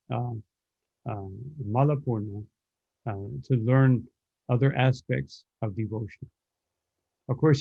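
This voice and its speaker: Gravelly man telling devotional stories. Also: medium pitch, no room sound, lo-fi sound. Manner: hesitant, frequent fillers. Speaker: spiritual teacher. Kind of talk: devotional storytelling lecture.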